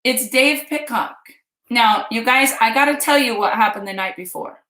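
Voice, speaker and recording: Talkative woman from kansas, fifties, telling her followers a story, bright tone, echoey room. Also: fairly high pitch, moderate pace. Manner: chatty, animated, addresses viewers directly. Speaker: vlog host. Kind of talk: personal storytelling to viewers. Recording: roomy echo.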